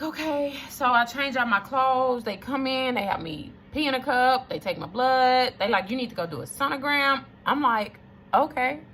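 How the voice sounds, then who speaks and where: A woman's voice: mid-range voice, creaky, bright, forceful tone, a little hiss or hum. A woman, telling a personal story to viewers in an emphatic, preachy way and repeating lines for emphasis. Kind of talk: casual testimony to camera.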